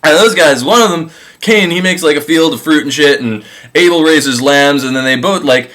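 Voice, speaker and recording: A young man casually retelling a story with irreverent, profane humor, jumping into quick voices for each figure. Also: on the high side, fairly bright tone, low-quality recording. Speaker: comedic storyteller.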